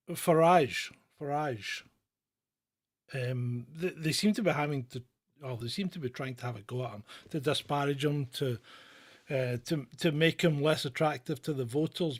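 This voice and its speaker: A man hosting a live political show, chatting casually with many fillers and restarts. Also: fairly high pitch.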